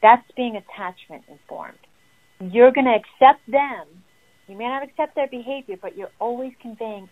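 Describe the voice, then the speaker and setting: A woman therapist explaining parenting advice in an animated, emphatic way. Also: a little high, moderate pace. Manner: animated and emphatic, acting out what children say. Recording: tinny phone-like audio.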